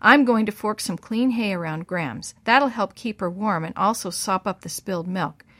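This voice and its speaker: A woman's voice: medium pitch, normal speed, fairly bright tone, close to an everyday voice. A woman voicing a bossy, teasing boy. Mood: firm. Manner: bossy, reassuring. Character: steady, teasing older brother, a boy.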